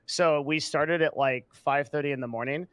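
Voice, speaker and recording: Man, storyteller, casual, swearing, fillers, slightly high voice, dry sound. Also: moderate pace, fairly bright tone, smooth, no room sound. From San Diego area, US. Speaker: podcast guest. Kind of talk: casual chat.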